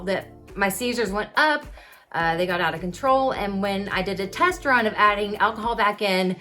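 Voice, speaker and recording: A woman's voice: mid-range voice, fairly bright tone. A woman in her thirties vlogging candidly about her epilepsy, talking openly and conversationally to her viewers. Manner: open, confessional, conversational with fillers. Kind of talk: candid personal storytelling to camera.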